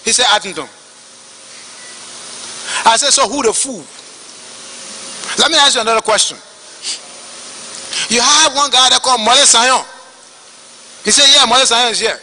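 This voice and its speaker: A man with a Liberian English accent testifying at a hearing, telling his story in an animated way and acting out the dialogue. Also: very high-pitched, moderate pace, long pauses, big-room sound, slight background noise, rough recording. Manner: animated, acts out quoted dialogue.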